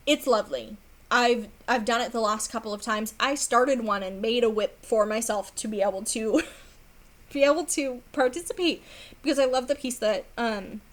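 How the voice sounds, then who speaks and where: A young woman chatting casually about her cross stitch projects, rambling with lots of fillers and laughter, her voice going hoarse. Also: fairly high pitch. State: losing her voice. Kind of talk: casual chat.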